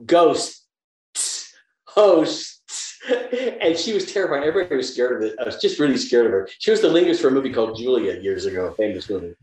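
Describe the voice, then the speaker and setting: Older man telling lively stories, roomy sound. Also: medium pitch, racing, few pauses. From American South. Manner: animated storyteller, acts out quotes in lively voices. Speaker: actor, interview guest. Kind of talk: casual storytelling interview.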